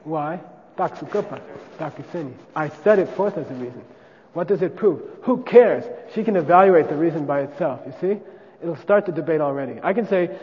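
A man's voice: a little high, animated, a little fast, hardly any pauses, in a large hall, highs cut off. A man teaching a class casually, often checking with "okay?" and demonstrating chants aloud.

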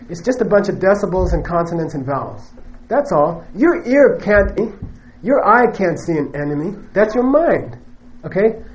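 A man's voice: high-pitched, very animated, moderate pace, few pauses, slight background noise, poor audio. A man giving a Buddhist teaching to a live audience, conversational and joking, who often stops to check in with "okay?" and "you know". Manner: joking, emphatic asides.

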